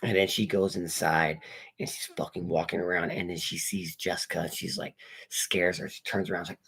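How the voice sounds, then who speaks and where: A man's voice: sits low, level tone, brisk, gravelly, fairly bright tone, breathy edge. A man casually recapping a horror movie with spoilers while unboxing comics, rambling and swearing as he quotes the characters. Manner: rambling, profane storytelling with quoted dialogue. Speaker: movie reviewer.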